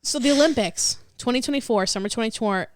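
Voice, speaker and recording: A woman's voice: a little high, a little hiss or hum. A woman who is a podcast guest, chatting casually and often breaking into laughter. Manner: giggly, quick to laugh. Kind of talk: casual chat.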